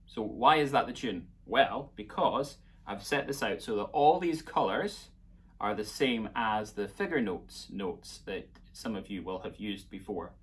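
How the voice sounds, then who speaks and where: A man's voice: lowish voice, lively intonation, unhurried, slight background noise. A man with a Scottish accent teaching a playful children's music lesson, coaxing young listeners along.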